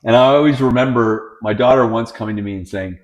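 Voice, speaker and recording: A middle-aged man co-hosting a casual podcast. His voice sits at an ordinary pitch and he tells family stories bluntly, in a no-nonsense way, with animated swings when he gets to the punchline. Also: brisk, lo-fi sound. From Italian family. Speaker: podcast co-host. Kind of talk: casual chat.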